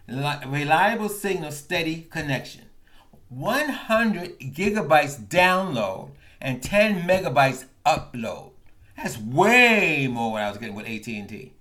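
A man hosting a podcast, delivering a comedic angry rant that swings from calm narration to bursts of yelling. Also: fairly high pitch. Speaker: podcast host.

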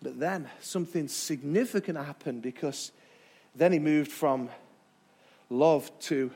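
A man preaching as a pastor in a church, emphatic, with dramatic pauses and repetition. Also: a little high, a little mellow, breathy edge. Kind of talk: sermon. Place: church sanctuary.

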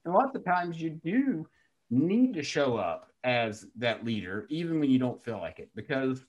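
A man hosting a podcast talks earnestly, with a husky, fairly high voice that rises and falls a lot. The recording sounds dull and lo-fi. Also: sing-song, normal speed. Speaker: podcast host. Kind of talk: casual podcast conversation.

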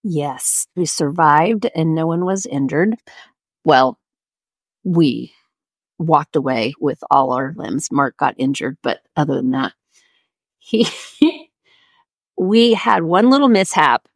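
A middle-aged woman co-hosting a podcast, telling a story in an animated way, laughing often and breaking off her own sentences. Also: low voice, slow pace, pauses often, no room sound. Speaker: podcast co-host. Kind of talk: casual storytelling.

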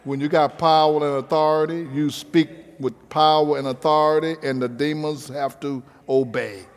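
Man, pastor, sermon, emphatic repetitive preaching, fairly high voice, long hall reverb. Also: little pitch movement, normal speed.

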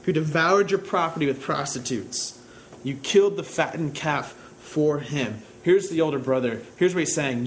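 A male pastor delivering a sermon in a somewhat high voice. He swings between calm explanation and loud, climbing emphasis. A faint hum sits under the recording. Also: normal speed, poor audio. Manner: rises to loud, high-pitched emphatic preaching.

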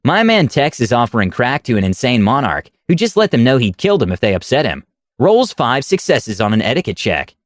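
A man narrating a story with an animated, wide-ranging pitch and wry, deadpan asides. His voice sits at a middle pitch and sounds close and dry, with no room around it. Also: brisk, no room sound. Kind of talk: reading a story aloud.

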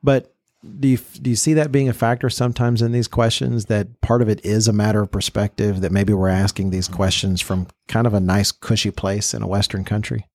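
A man's voice: lowish voice, little pitch movement, fairly quick, few pauses, a little mellow, no echo, clean studio sound. A man hosting a podcast interview in a friendly way, guiding the talk with questions. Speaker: podcast host.

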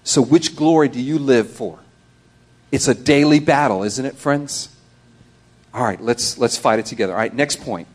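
A male pastor preaching a sermon, animated, acting out quoted voices and dropping between loud and hushed delivery. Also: medium pitch, moderate pace.

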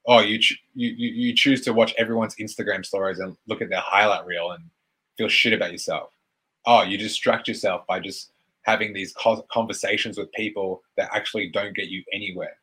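A man's voice: fairly low pitch, steady tone, a little fast, sharp tone, breathy edge. A man around thirty, a fitness coach giving a blunt motivational talk on a live stream, swearing freely and saying "like" a lot.

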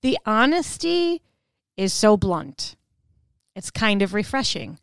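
This is a woman hosting a podcast, spinning stories with lots of laughter and quick bits of acted-out dialogue. Her voice is smooth and clear. It sits at a middle pitch and sounds dry and close to the mic. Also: no echo. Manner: animated, laughs often, acts out voices in quotes. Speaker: podcast host. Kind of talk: storytelling monologue.

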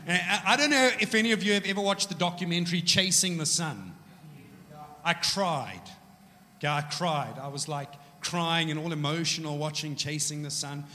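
A man preaching a sermon in a church, casual and joking, telling stories with animated energy. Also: on the high side, brisk, few pauses. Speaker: pastor. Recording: echoey church hall.

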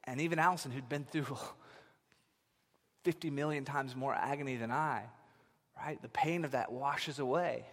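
A man in his thirties preaching a sermon, telling stories in an animated way that swings from loud to hushed. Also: medium pitch, measured pace, long pauses. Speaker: pastor. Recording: long reverb of a large hall.

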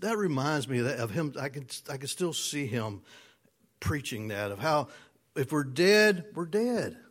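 A man's voice: sits high, a bit bright. A man preaching a conversational sermon, stretching key words and checking in with the congregation. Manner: drawn-out emphatic words, playful asides. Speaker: pastor.

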